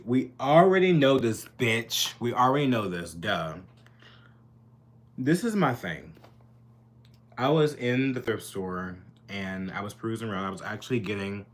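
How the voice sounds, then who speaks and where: Sassy, rambling young man vlogger. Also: on the low side. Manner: chatty, rambling, sassy, lots of fillers. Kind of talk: casual storytime monologue. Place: his bedroom.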